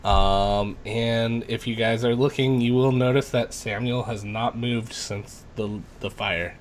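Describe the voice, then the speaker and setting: A man's voice: medium pitch, fairly even intonation, measured pace, slight background noise. A man narrating as game master of a tabletop role-playing game, in a laid-back, chuckling way.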